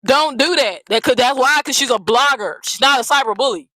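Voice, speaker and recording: A woman's voice: high voice, brisk, sharp tone, dry recording, rough recording. A woman hosting a commentary channel, ranting bluntly and profanely, often repeating herself. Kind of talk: heated casual commentary rant.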